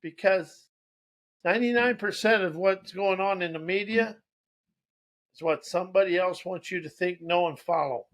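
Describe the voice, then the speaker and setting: A man's voice: high-pitched, normal speed, fairly bright tone. A man giving a rambling spiritual monologue, preaching as he goes, repeating key phrases and restarting his sentences. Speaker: motivational speaker.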